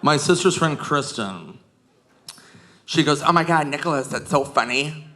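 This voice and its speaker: A man doing a stand-up comedy set on a club stage, jumping into shrieking high voices when he acts out drunk women. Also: expressive, measured pace, bright, forceful tone. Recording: live club recording with crowd laughter.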